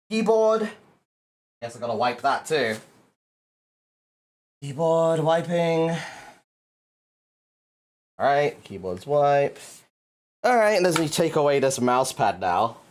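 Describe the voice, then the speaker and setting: A man's voice: fairly high pitch, vocal fry. A male livestreamer chatting casually to his viewers, exasperated and swearing a lot as he cleans up.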